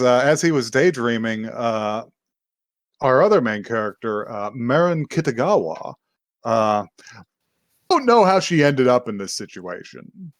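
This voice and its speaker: A man's voice: mid-range voice, no echo. A man in casual podcast chat, recapping an anime, laughing often and acting out the characters' lines, with some swearing.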